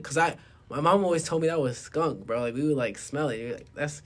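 A young man chatting casually, telling a story with frequent laughter, drifting between low mumbling and loud laughing bursts. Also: brisk. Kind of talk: casual chat.

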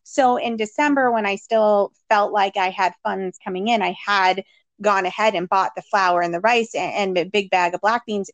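A woman with a mid-pitched voice co-hosts a casual chat. She talks in a relaxed, reflective way, and her voice sounds dry and close. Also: no room sound. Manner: relaxed and reflective, with filler words.

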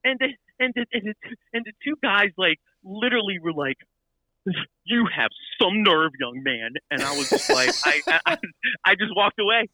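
A man telling a story in casual chat, animated and full of restarts and repeated words. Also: sits high, brisk, no room sound, poor audio.

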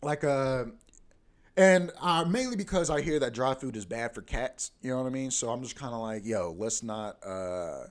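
A man's voice: mid-range voice, normal speed. A young man hosting a podcast in a casual, profane, ranting monologue that keeps coming back to "bro.". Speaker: podcast host.

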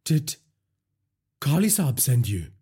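A jittery, stammering police constable, voice pitched high and strained with panic, talking in hesitant bursts, as a male narrator voices him. The husky, breathy grain stays in every line of this audiobook scene. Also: very animated, takes it slowly, warm tone, heavily acted. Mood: tense, defensive. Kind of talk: audiobook character voice.

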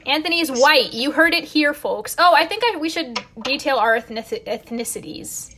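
A woman's voice: high-pitched, animated, normal speed, pushed and bright. A teenage girl hosting a casual podcast over a phone call, joking and dramatic as she tells tall stories. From Colombia. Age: teens. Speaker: podcast host. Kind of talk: casual chat.

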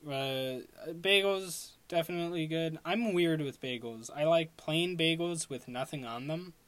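A man's voice: fairly high pitch, a little slow, fairly bright tone, no room sound. A young man from Long Island talking in a casual solo podcast, rambling with lots of fillers and restarts. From Long Island, New York. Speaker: podcast host.

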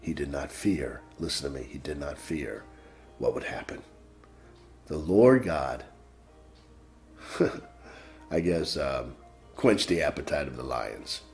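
Emphatic preacher man, lively pitch. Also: slow, vocal fry, long pauses, soft background music. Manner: emphatic, repeats phrases, swings between loud stresses and quiet drops. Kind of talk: sermon.

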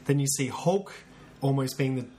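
A man co-hosting a podcast tells stories in a casual chat, animatedly acting out quotes in a raised voice. He speaks at a medium pitch and normal speed, and there's a little hiss or hum in the recording.

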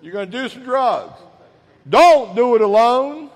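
Middle-aged man, high-pitched, blunt streetwise talk, echoey hall. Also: animated, unhurried. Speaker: recovery speaker. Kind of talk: prevention talk to an audience. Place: large hall, correctional facility.

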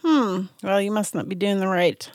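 A woman's voice: mid-range voice, moderate pace, a little mellow, no echo, clean studio sound. Upbeat middle-aged woman podcast co-host. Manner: upbeat, encouraging responses. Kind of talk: casual chat.

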